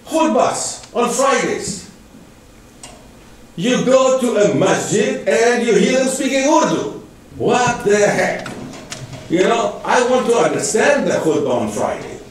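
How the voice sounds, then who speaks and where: Male guest lecturer, high voice, emphatic and questioning, echoey hall mic set back. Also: very animated, slow, distant mic. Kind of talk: public lecture.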